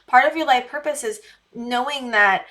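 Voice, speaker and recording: A woman reads tarot cards in a casual, heartfelt way. Her voice sits a little high and sounds bright. She pleads earnestly, doubles back on her words and leans on fillers. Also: moderate pace. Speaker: tarot reader. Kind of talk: casual tarot reading to camera.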